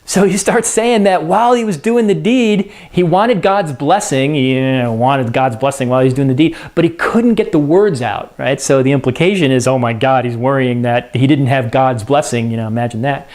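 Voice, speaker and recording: A man's voice: mid-range voice, moderate pace, few pauses, darkish tone. A man giving a casual, chatty lesson, retelling scenes in everyday slang. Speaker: teacher.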